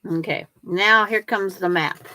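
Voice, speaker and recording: An older woman chats away unhurriedly as she sews, her voice sitting a little low. She answers viewers and narrates each quilting step to herself. The sound is dry and close, with no room echo. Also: a little slow, pushed and bright. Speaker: quilting livestream host. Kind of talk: casual chat while sewing.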